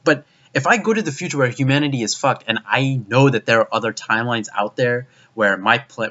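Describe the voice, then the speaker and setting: A man's voice: medium pitch, pushed and bright. A young man delivering a profane, exasperated video review rant, with frequent restarts. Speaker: anime reviewer. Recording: dull lo-fi recording.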